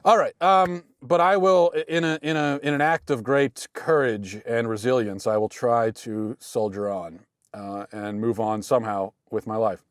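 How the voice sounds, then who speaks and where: An American man in his thirties hosting a show, talking through a casual monologue with dry, deadpan humor and frequent restarts. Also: medium pitch, a little slow, no room sound. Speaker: podcast host.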